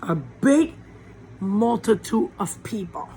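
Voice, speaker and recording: A woman pastor giving an informal sermon from a small warm room with a fan running, preaching conversationally with rhetorical questions. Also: medium pitch, big pitch swings, slow, slight background noise, rough recording.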